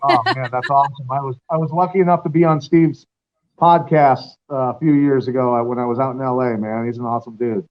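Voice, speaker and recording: A man's voice: mid-range voice, fairly even intonation, brisk, dull audio. A man joining a casual chat as a guest, speaking in a laid-back, friendly way.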